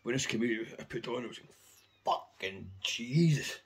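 A man's voice: mid-range voice, little pitch movement, very fast. A man casually rambling through anecdotes about his record collection, swearing constantly.

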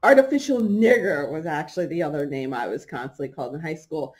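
A middle-aged woman hosts a podcast and casually tells a personal story, laughing often and acting out the people she quotes. Her voice is deep and darkish in tone, and she talks quickly.

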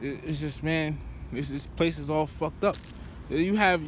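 A man's voice: fairly high pitch, measured pace, rough recording. A man preaching while walking outdoors, rambling and profane, padding his talk with "you know" and "man". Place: outdoors by a road. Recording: street traffic noise behind.

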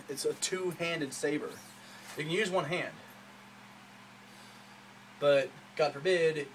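A man in a casual show-and-tell vlog, talking excitedly with lots of fillers in a small room at home. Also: on the high side, slight background noise, poor audio. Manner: rambling, enthusiastic, many fillers. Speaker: hobbyist showing a custom saber.

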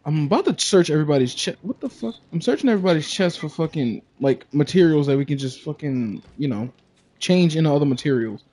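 A man's voice: a little high, lively intonation, fast, warm tone, breathy edge. A young man streaming a video game, talking casually with lots of swearing, laughter and silly sung nonsense syllables. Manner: profane, laughs a lot, sings nonsense syllables. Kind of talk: casual gaming stream chat.

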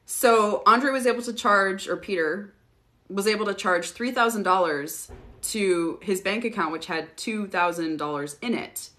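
Bright-voiced woman chatting casually. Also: mid-range voice, measured pace. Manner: casual, swears freely, laughs often. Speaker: host answering viewer questions. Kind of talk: casual livestream chat.

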